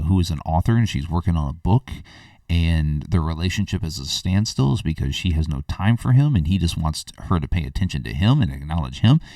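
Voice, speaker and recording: A man with a very low voice delivers a blunt, rambling film review, full of fillers and restarts. The recording is dry, with no room echo, and he sits a little back from the mic. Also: dark tone, recorded from a distance. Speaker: film reviewer, podcast host. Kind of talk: casual spoken movie review.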